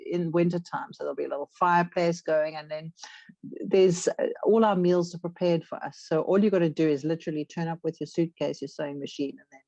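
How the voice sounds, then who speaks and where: A woman's voice: deep voice, fairly even intonation, a little fast, mellow, no room sound, muffled recording. A woman co-hosting a podcast, chatting in a loose, rambling way full of fillers. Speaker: podcast co-host. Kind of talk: casual chat.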